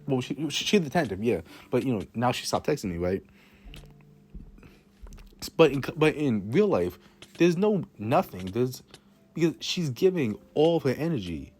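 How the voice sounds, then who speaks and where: A man's voice: medium pitch, a little mellow. Rambling teen guy telling a storytime. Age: teens. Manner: rambling, self-mocking, swears a lot, many restarts. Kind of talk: casual storytime monologue.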